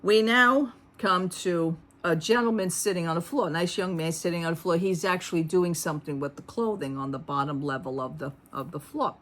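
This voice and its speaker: Talking a little fast and hardly pausing, a middle-aged woman with a low-leaning voice tells her vlog viewers about a store visit. Her storytime retelling is lively and sarcastic, and she plays the characters as she chats.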